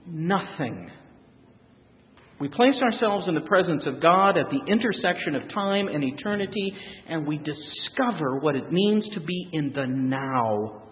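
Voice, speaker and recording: A man preaching a reflective, earnest sermon, his voice rising and falling softly. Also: high voice. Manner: earnest, reflective preaching with lively rises and soft drops. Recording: tinny phone-like sound, long reverb.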